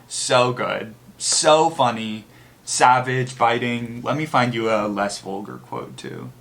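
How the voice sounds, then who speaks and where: A man's voice: mid-range voice, expressive, slow, vocal fry, long pauses, fairly bright tone. A man hosting a casual book review chat, rambling and candid, with lots of filler words and the odd swear. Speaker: book channel host.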